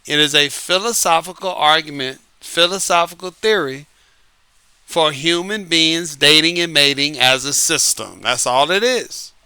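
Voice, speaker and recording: A man hosting his own show as an author, giving a casual, lively monologue, repeating himself and laughing often. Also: on the high side, measured pace, clean tone, dry recording. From United States. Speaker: podcast host and author. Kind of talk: casual late-night monologue. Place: Southern California.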